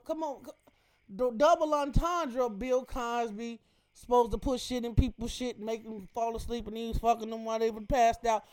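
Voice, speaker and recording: A woman's voice: on the high side, normal speed, darkish tone. A woman hosting a radio show, breaking down a rap verse in emphatic, profane casual commentary full of rhetorical questions.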